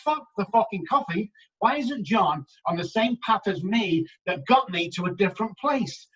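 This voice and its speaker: A man's voice: high voice, big pitch swings, normal speed, fairly bright tone, distant mic, dull audio. A man from England, a recovery doctor talking bluntly and swearing a lot in a casual interview.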